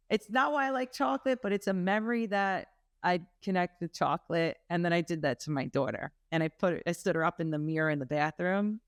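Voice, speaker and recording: A woman guest on a podcast, telling stories candidly and with animated energy. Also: on the low side, clean tone, no room sound, clean studio sound. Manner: lively, candid, animated storytelling, laughs. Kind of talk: casual interview chat.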